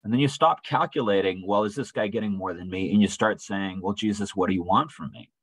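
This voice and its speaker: A man's voice: on the low side, a little fast, a bit bright, husky, no echo, rough recording. A man leading a church Bible study in a conversational way, often asking "right?" and acting out quoted voices. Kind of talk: informal Bible study teaching. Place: church room.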